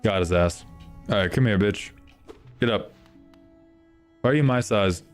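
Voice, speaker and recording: A man's voice: fairly low pitch, measured pace, soft background music. A young man streaming a video game, reacting with constant frustrated swearing as he plays. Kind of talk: live gameplay commentary.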